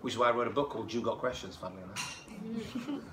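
A man who is a rabbi teaching a class, telling a story in an animated way, with joking asides and frequent "right?" to his audience. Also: mid-range voice, fast talker. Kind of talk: lively storytelling lecture. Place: class room with a live audience. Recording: echoey room with background noise.

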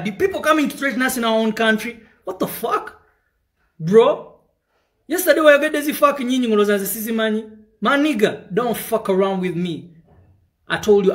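A Ugandan musician with a Ugandan accent launches into a heated, profane rant straight to camera. His voice is high and brisk, and he switches between English and Luganda.

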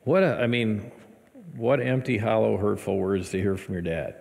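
A man preaching in a church, his voice gravelly and rough at the edges. He reads scripture with drama and breaks into lively asides. The sanctuary adds a long, trailing reverb. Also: on the low side, moderate pace. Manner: dramatic reading, animated asides with laughs. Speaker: pastor. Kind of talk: sermon with scripture reading.

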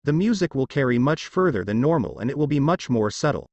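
An earnest young male ninja heir, read by a man speaks plainly and evenly in a storybook telling. The pitch swings freely, and the recording is dry and close. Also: lively intonation, quick pace, a little mellow, no room sound, muffled recording, lightly acted.

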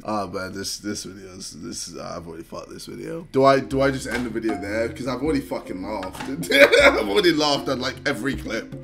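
A young man hosting a casual reaction video, who swears a lot and laughs and shouts often. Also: lowish voice, sing-song, a little fast, creaky, few pauses. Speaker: video host reacting to clips.

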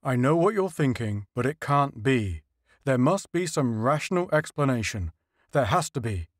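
A measured, troubled general, as a male reader voices him, speaking steadily in a lively, dry voice. He sounds close and plain against the narration. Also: medium pitch, dry recording. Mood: steady.

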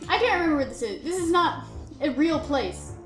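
A woman's voice: sits high, animated, brisk, roomy sound, soft background music. A woman chatting in a self-mocking, giggly way as she plays a video game, commenting on the game. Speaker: gamer. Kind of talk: let's play commentary.

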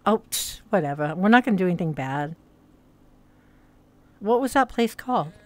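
A woman's voice: on the low side, lively intonation, moderate pace, long pauses. A woman with a hard-to-place mixed accent streaming, rambling and chatting casually with a bit of swearing. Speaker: streamer and hypnotist. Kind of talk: casual livestream chat. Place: virtual reality social world.

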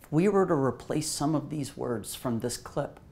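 A woman pastor preaching a sermon in an animated way, asking the listeners rhetorical questions. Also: extremely low pitch, normal speed, creaky.

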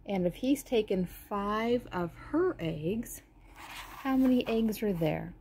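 Slow, mellow-voiced woman reading a kids' story. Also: mid-range voice, expressive, slight background noise. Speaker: storybook reader. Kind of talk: children's story read-aloud.

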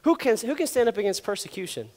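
A man preaching a sermon as a pastor, animated and joking, acting out quotes as he goes. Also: high-pitched, fast, long reverb tail.

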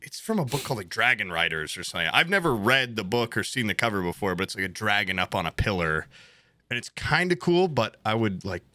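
A man's voice: on the low side, big pitch swings, fast talker, pushed and bright, dry recording, studio quality. A man co-hosting a podcast, rambling in casual, profane chat about art he loves. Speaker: podcast co-host.

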